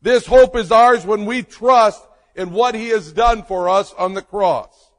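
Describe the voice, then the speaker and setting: The preacher, a man with a high-pitched voice, takes his time, pressing down on every word and pausing at length. Reverb lingers long behind his sermon.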